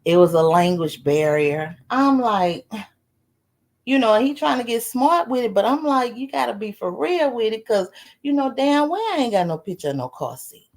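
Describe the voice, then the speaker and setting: An older woman, telling a story on a casual live stream, animated and laughing often. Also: fairly high pitch, normal speed. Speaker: vlogger.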